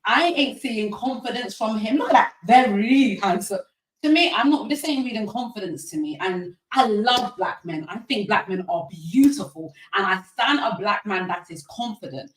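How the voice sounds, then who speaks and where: A woman's voice: medium pitch, lively intonation, moderate pace, few pauses. A woman on a discussion panel, giving her opinion emphatically and repeating her points. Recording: echoey and distant from the mic.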